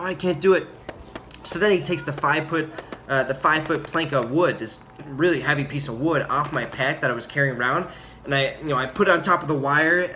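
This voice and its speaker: A young man telling a story about his time as a Marine in a casual, rambling way, full of fillers and loud acted-out quotes. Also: medium pitch, poor audio. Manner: rambling, filler-heavy, acts out quotes loudly. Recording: audible background noise.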